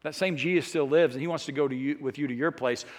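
A high-voiced pastor preaches earnestly and talks plainly to his listeners, now and then restarting a phrase. His voice rings with a long reverb, as in a big hall. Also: quick pace. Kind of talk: sermon.

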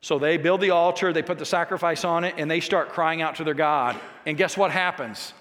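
A man preaching a sermon, telling a scripture story with emphatic, animated delivery. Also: fairly high pitch, a little fast. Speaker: pastor. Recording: long reverb of a large hall.

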